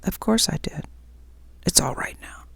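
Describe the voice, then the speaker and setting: A woman voicing a gentle, joyful male spirit in whispered role-play, patient and reassuring. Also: unhurried, no echo, natural voice. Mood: serene.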